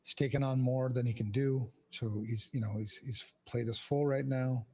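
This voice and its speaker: Gravelly husky man, blunt and profane. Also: mid-range voice, fairly even intonation, moderate pace, mellow. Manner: frank, heavy swearing, restless restarts. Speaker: podcast host. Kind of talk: candid casual conversation.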